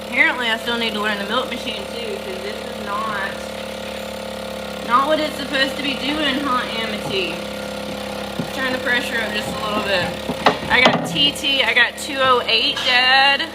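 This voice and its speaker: A woman's voice: fairly high pitch, moderate pace, heavy background noise. Chatty Southern woman live-streaming from a barn. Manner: chatty, greets viewers by name while multitasking. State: tired from lack of sleep. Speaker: goat farmer hosting a livestream. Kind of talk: casual live-stream chat.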